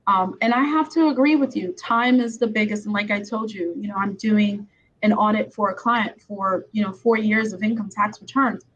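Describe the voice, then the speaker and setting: A woman's voice: medium pitch, steady tone, normal speed, a bit bright. A woman attorney hosting a podcast interview, talking in a chatty, conversational way. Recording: slightly dull sound with faint background noise.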